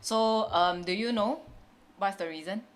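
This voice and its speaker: A woman's voice: mid-range voice, a little slow. A woman with a Singaporean English accent co-hosting a casual chat about money, talking in a hesitant, chatty way with frequent laughs. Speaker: podcast co-host.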